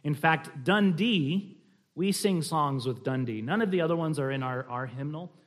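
A man's voice: on the high side, moderate pace. A man teaching a church class on family worship, talking in a conversational, explanatory way with frequent restarts and fillers.

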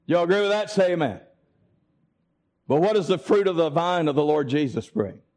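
A man preaching a sermon, emphatic and deliberate, with dramatic pauses. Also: fairly high pitch, darkish tone.

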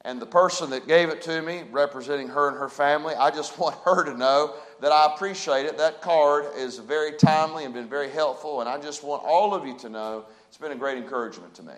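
High-voiced man preaching. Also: fairly quick, rough recording. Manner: preaching with rising emphasis and call-and-response. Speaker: pastor. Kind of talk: sermon. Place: church sanctuary.

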